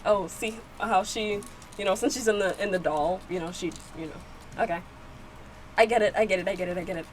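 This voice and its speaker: A woman giving casual reaction commentary, reading subtitles aloud and excitedly repeating herself. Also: medium pitch, a little fast, slight background noise. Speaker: video reactor.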